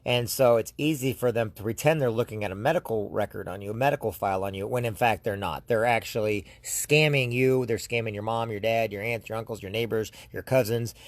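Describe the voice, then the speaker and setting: Speaking directly to the audience of his channel, a YouTuber from the United States rambles casually and keeps starting over. He has a fairly low voice and a brisk pace with hardly any pauses, recorded with no room sound.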